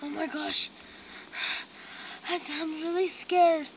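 A scared captive animatronic, voiced by a woman, stammers and cries out in a fan cartoon. The voice is very high and thin, with a faint hiss of noise under it. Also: level tone, slow pace, poor audio. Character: frightened captive animatronic, defiant when cornered. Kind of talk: amateur voice acting for a fan animation.

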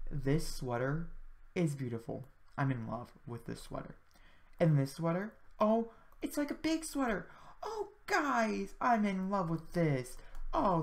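Young guy gushing over game outfits, excitable, voice keeps jumping up high. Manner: gushing and excitable, with sudden upward pitch jumps. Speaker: video creator. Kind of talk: casual game commentary.

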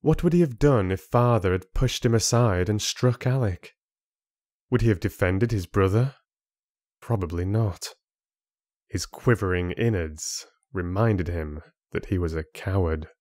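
A man narrating a fantasy audiobook in a measured, deliberate way. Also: sits low, darkish tone, dry recording, studio quality.

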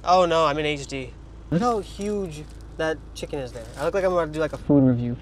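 A man's voice: fairly high pitch, fast, slight background noise. Young man, jokey car vlog. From Trinidad. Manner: rambling, jokey asides. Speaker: vlogger. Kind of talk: casual car vlog while eating. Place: parked car.

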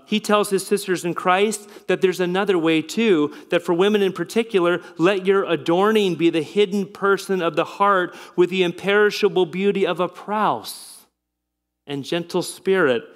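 A middle-aged man preaching a sermon as pastor, earnest and confessional, with frequent restarts and a voice that drops soft and low in personal stories. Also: unhurried. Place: church sanctuary.

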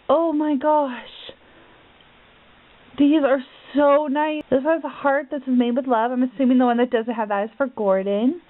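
A woman vlogger with a high voice opens a craft package, exclaiming and gasping over each item. Her delivery is slow and drawn out. The sound is thin and tinny, like a phone line. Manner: gushing, gasping, repeated exclamations. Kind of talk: package opening vlog.

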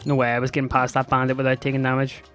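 A young man giving sarcastic, excitable let's-play commentary to his viewers. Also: mid-range voice, racing, faint music behind. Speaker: gaming YouTuber.

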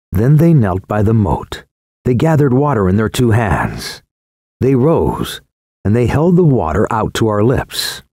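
A man narrating an audiobook in the first person with a slow, solemn and expressive reading. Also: lowish voice, husky, no echo, studio quality.

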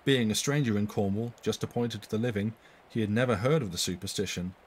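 Low-voiced man reading a ghost story. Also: fairly quick, husky, poor audio. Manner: reads quoted speech in a raised voice, corrects his own slips. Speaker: narrator reading a story aloud. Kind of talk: live-streamed story reading.

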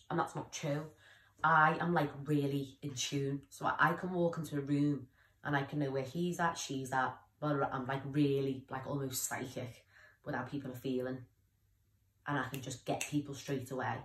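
A woman's voice: extremely low pitch, echoey room. A young woman talking candidly in a personal vlog, rambling and often losing her train of thought. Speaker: vlogger.

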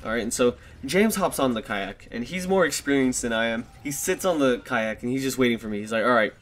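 A man's voice: medium pitch, animated, fairly quick. Young guy rambling through a storytime vlog. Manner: rambling, swears a lot, laughs at himself. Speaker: vlogger. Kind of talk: casual storytelling. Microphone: desktop USB microphone.

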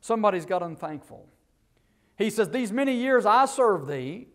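High-voiced man preaching a sermon. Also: expressive, normal speed. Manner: preaching with rising bursts and quiet low asides, rhetorical questions. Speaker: guest preacher. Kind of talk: Baptist sermon.

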